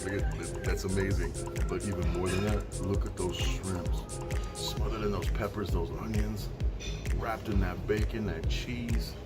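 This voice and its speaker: A man's voice: low-pitched, steady tone, a little slow. A man in his forties, a toy store owner, talking eagerly in a casual vlog and describing things in loving detail. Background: loud background music.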